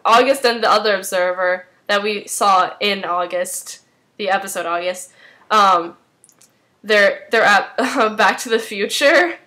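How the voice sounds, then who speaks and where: A woman's voice: mid-range voice, unhurried, bright, forceful tone. Chatty young woman rambling through a recap. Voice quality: rambling with many fillers, chatty. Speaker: fan recapping a TV episode. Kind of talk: casual spoken recap.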